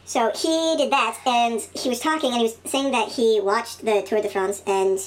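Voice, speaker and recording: A woman's voice: on the high side, moderate pace, slight background noise, poor audio. A woman hosting a casual chat in her home studio, rambling with lots of ums and laughing often. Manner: giggly, rambling with frequent ums. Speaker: podcast host. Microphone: studio microphone.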